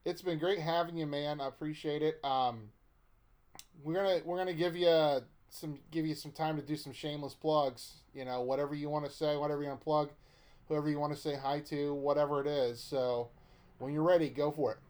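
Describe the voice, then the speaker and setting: A man's voice: a little high, steady tone, fairly quick, darkish tone. A man hosting a podcast interview, joking and laughing often. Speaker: podcast host. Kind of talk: casual interview chat.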